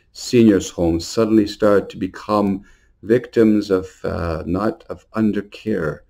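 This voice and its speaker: A male priest speaks in a low, steady voice. He delivers a short New Year homily earnestly, moving into storytelling and now and then repeating a word as he goes. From Montreal.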